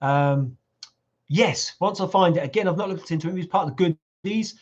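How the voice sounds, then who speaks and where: A man's voice: high voice, normal speed. Chatty man on a lo-fi livestream. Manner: jokey, teasing, chatty. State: voice going hoarse. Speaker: livestream host reading viewer comments. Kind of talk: casual live Q&A chat. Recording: lo-fi livestream audio.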